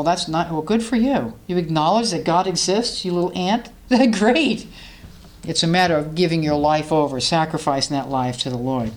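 A woman preaching a sermon in an earnest way, her voice climbing high when she gets impassioned.

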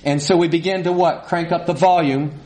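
A man's voice: a little high, fairly even intonation, fairly quick, a little mellow. Man preaching in a conversational way. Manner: conversational, asks the congregation questions, acts out quarrels. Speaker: pastor. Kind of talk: sermon.

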